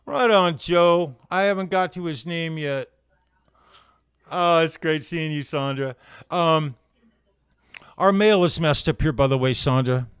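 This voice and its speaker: Speaking at a measured pace with long pauses, a man with a fairly high, slightly bright, clean-toned voice hosts a casual live show. He welcomes viewers one at a time, easygoing and friendly, though clearly tired out from hard physical work; the studio sound is clean and free of echo.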